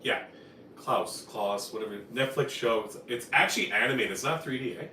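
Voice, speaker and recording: A man's voice: medium pitch, fast, bright, forceful tone, roomy sound, recorded from a distance, a little hiss or hum, rough recording. A man from Newfoundland hosting a casual live cooking stream, talking in a rambling, chatty way and correcting himself as he goes. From Newfoundland, Canada. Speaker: cooking show host. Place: home kitchen.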